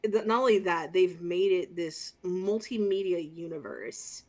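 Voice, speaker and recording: A woman's voice: fairly low pitch, measured pace, darkish tone. A woman co-hosting a podcast who talks passionately and casually as a fan, with lots of fillers and the odd swear word. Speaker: podcast co-host. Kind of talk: casual chat.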